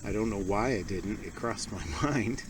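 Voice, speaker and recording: A man casually narrating an outdoor vlog from a stormy campsite, explaining each step with small asides in a relaxed, chatty way. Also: lowish voice, moderate pace, noisy background. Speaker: outdoor vlogger.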